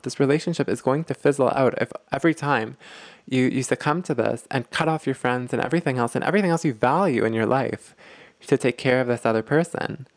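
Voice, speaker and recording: Podcast host, male, mid-pitched, gravelly, close and dry sound, explains as he thinks. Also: dry recording. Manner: explanatory, repeats words while thinking. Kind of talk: casual self-help podcast talk.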